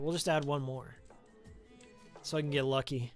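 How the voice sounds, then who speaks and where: A man's voice: mid-range voice, fairly even intonation, normal speed, faint music behind. Chatty streamer man with a rambling manner. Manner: rambling, chatty, drifts into game-history tangents. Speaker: game streamer. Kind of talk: casual live-stream chat while playing. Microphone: studio microphone with pop filter.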